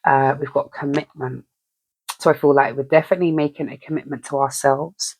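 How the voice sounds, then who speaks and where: A spiritual reader giving a casual message, animated and acting out inner voices with rhetorical questions. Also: medium pitch, fairly quick, husky, no room sound.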